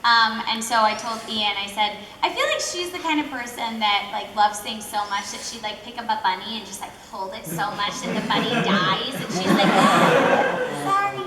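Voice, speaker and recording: A young woman from Texas answering questions at a convention panel, chatty and animated, with lots of fillers. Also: medium pitch, moderate pace, hardly any pauses, distant mic, a loud crowd, very noisy. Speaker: voice actress panel guest. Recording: echoey hall with faint ambience.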